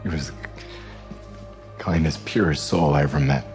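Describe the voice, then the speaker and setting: An actor playing a guilt-ridden male hero in a TV drama, speaking quietly and subdued. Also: rumbling low, normal speed, faint music behind. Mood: somber. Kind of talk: TV drama acting.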